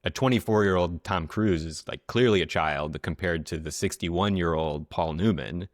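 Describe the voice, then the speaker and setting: A man co-hosting a casual film podcast, talking in a halting way with many fillers and restarts. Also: deep voice, dry recording, studio quality. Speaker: podcast co-host.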